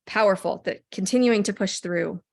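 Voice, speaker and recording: A woman's voice: mid-range voice, normal speed, gravelly. A woman recapping a company event for her team in a casual motivational talk, eager and full of ums and restarts. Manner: enthusiastic, many ums, rambling restarts.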